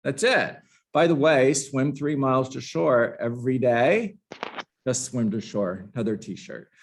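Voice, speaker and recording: A man's voice: mid-range voice, unhurried, a little hiss or hum. A man teaching a live book-study lesson to a room of agents, passionate and emphatic, with sarcastic asides. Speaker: real estate trainer.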